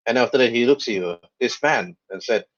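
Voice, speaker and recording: A man narrating as game master of a tabletop game, with quick put-on voices for side characters. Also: mid-range voice, fairly bright tone. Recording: dull lo-fi voice chat audio.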